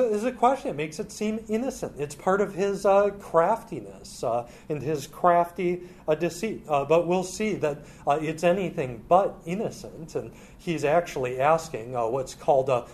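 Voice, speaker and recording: A man teaching through a Bible passage in a halting way, with many filler sounds. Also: fairly high pitch, darkish tone.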